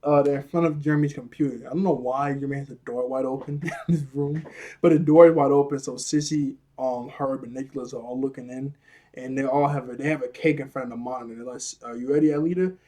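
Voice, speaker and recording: A man's voice: mid-range voice, steady tone, fast, dark tone. A man casually recapping a cartoon episode, chatty and rambling, laughing often and using slang.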